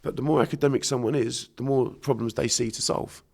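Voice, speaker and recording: A brisk man's voice of medium pitch, gravelly and slightly mellow, with fairly even intonation. He's from Bermondsey, London, speaks with a South London accent, and is being interviewed casually on a podcast as an unconscious mind therapist, sounding blunt, sweary and emphatic.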